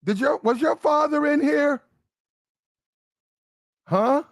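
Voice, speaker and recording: A man's voice: extremely high pitch, slow pace, vocal fry, no room sound, clean studio sound, voice pushed up, full character voice. A man voicing a worried mother who fires off stumbling questions at her child. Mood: suspicious. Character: anxious questioning mother, woman.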